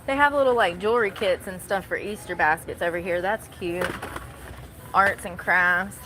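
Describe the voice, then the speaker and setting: A woman's voice: lowish voice, normal speed, background noise. A woman live streaming on her phone while shopping in a large store, rambling to her chat and complaining about others.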